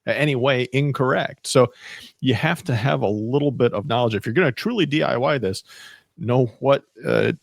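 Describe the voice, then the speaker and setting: A man co-hosting a podcast in casual chat, explaining in a measured way. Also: medium pitch, creaky, no room sound. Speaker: podcast co-host.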